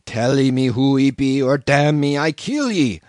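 A man doing a fierce cannibal harpooneer who growls in broken, halting English. The voice sits low and slow, gruff and threatening. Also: animated, darkish tone, no echo, clean studio sound, close to an everyday voice.

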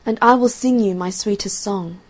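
A woman's voice: mid-range voice, normal speed, close to an everyday voice, rough recording. A woman voicing an ardent, tender nightingale. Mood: pleading. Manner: earnest, raised and ardent. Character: tender, devoted female nightingale. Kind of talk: storybook reading.

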